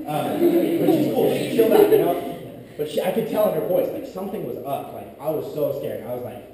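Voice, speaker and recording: A young man speaks to a youth group, telling a personal story in a casual, rambling style. His voice sits at an ordinary pitch and is picked up from a distance, with long echo filling the hall and room noise behind him. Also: lively intonation, normal speed. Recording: echoey distant room audio. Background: room ambience.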